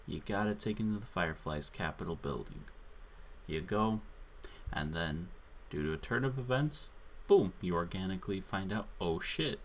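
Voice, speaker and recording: A man on a drunken solo rant, angry, profane and exasperated. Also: deep voice. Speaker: channel host.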